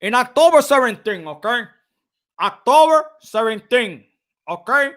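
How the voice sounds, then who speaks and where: A man hosting a boxing channel, talking casually and excitedly on a livestream, trash-talking and laughing. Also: sits high, unhurried.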